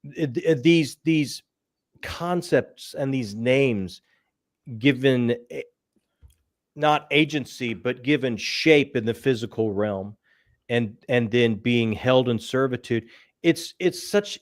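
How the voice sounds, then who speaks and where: Man host, earnest, stops and starts. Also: mid-range voice. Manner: earnest, halting, many restarts. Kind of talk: casual book discussion.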